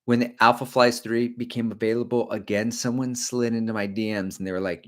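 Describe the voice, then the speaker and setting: A man's voice: medium pitch, flat delivery, fairly quick, hardly any pauses. A middle-aged man hosting a casual running livestream, rambling and jokey as he talks to his viewers. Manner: slips briefly into silly character voices. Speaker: running channel host.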